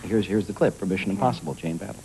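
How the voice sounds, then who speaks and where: A man's voice: on the low side, very fast, warm tone, low-quality recording. A man hosting a television talk show, joking and hesitant as he interviews a guest. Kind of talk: casual TV interview.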